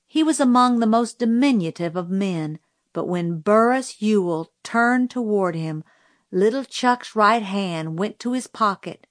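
Slow, measured woman reading a story. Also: mid-range voice, animated, no echo, clean studio sound. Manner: slow, measured, deliberate delivery. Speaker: audiobook reader. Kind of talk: storybook narration.

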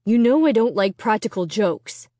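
A woman reading a calm, stern dad. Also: medium pitch, normal speed, no room sound, natural voice. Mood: annoyed. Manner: calm, then muttering and stern. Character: patient grown man, a father, easily annoyed.

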